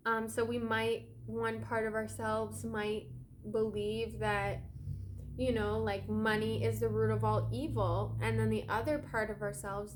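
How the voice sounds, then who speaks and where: A woman's voice: mid-range voice, a little hiss or hum. A woman giving a casual, rambling spiritual energy update as a yoga teacher and oracle card reader, talking straight to her viewers. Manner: chatty and rambling, addresses viewers as guys.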